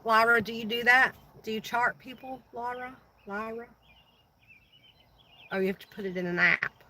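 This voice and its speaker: A woman's voice: a little high, a little fast, pushed and bright, rough recording. A middle-aged woman hosting a casual livestream, chatting with viewers and answering their comments by name. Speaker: livestream host.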